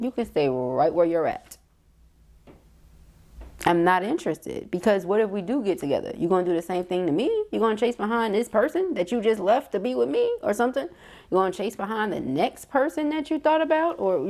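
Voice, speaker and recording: A middle-aged woman giving a casual, slangy tarot reading to camera, chatty and quick to laugh. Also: mid-range voice, a little mellow. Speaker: tarot reader.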